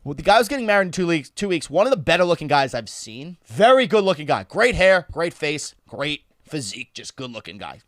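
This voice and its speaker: A man tells a comic story on a live podcast, his voice sitting a little high and swinging up and down. He talks in an animated way, laughs between lines and swears freely. The sound is dry and close, with no room echo. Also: brisk, few pauses. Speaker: podcast host.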